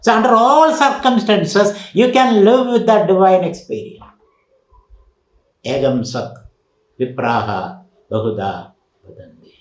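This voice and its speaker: A man's voice: high-pitched, echoey room, poor audio. A man giving a spiritual lecture as a swami, teaching emphatically with rhetorical questions and recited Sanskrit verses.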